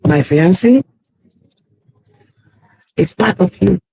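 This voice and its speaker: Woman crying out an apology in a clip, raspy gravelly voice, dry sound. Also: on the low side, expressive, slow, mellow, no room sound, low-quality recording. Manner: pleading, tearful. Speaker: woman in a played apology video. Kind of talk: tearful apology video.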